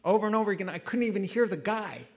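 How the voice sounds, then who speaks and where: Man, pastor, preaching a sermon, fairly high voice, very lively pitch, sudden quiet drops. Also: fast.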